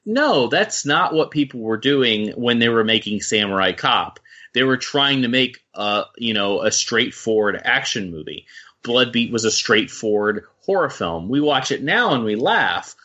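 A man's voice: mid-range voice, big pitch swings, a little slow, pushed and bright, dull audio. A man co-hosting a film podcast, chatting casually and rambling with lots of swearing. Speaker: podcast co-host.

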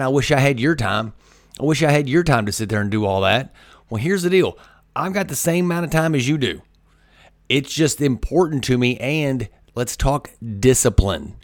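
In a clean studio recording with no echo, a podcast host with a medium-pitched voice delivers a motivational monologue. He speaks energetically about discipline and repeats his key points for emphasis.

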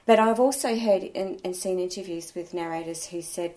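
A woman, an audiobook reviewer and blogger, chatting in an opinionated, animated way during an interview. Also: lowish voice, normal speed. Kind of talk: casual interview chat.

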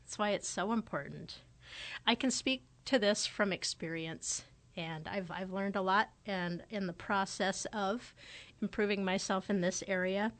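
A woman's voice: medium pitch, unhurried. A woman in her forties hosting a podcast, talking in a casual, thoughtful way. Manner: conversational and thoughtful, often acting out quoted remarks. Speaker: podcast host. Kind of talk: casual reflective podcast talk.

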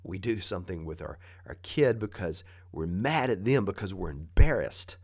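A man's voice: low-pitched, expressive, normal speed, vocal fry, a little mellow, husky. A man giving a conversational motivational talk, coaching with plain repeated advice.

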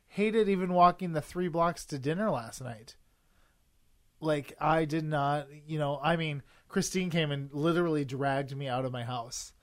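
A woman's voice: low voice, a bit bright. A woman co-hosting a podcast, chatting casually with wry jokes. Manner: wry, joking. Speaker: podcast co-host. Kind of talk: casual chat.

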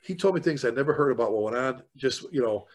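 A man from the fire service talking casually on a podcast, telling stories with animated energy. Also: mid-range voice, fast. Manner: animated storyteller, excited when retelling.

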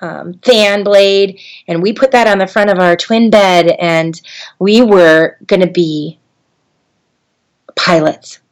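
A middle-aged woman trainer giving a talk on storytelling, conversational with frequent ums and getting animated as she tells a childhood story. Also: on the low side, slow. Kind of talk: instructional talk with personal story.

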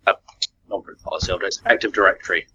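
A man's voice: sits low, sharp tone, a little hiss or hum. Young English man, muffled lo-fi sound. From England. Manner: hesitant, fillers, quick laughs. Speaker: guest consultant. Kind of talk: casual podcast chat. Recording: dull lo-fi sound.

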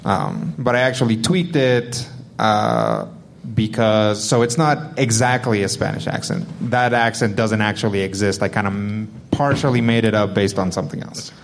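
A man's voice: lowish voice, animated, moderate pace, a little hiss or hum. A man, the game master of a live-play show, answering fan questions on a convention panel in a rambling, chuckling way, full of fillers.

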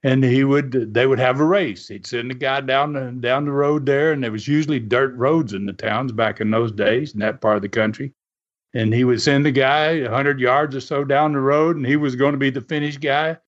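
A man hosting a podcast, telling a story at an easy pace with plenty of "uh" fillers. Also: medium pitch. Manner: rambling, full of "uh" fillers. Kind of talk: casual storytelling. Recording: dull lo-fi podcast audio.

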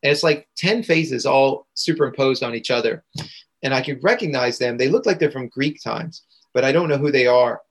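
This medium-pitched man speaks at a moderate pace as a podcast guest. An integration coach, he earnestly recounts something from his own life and keeps repeating phrases for emphasis.

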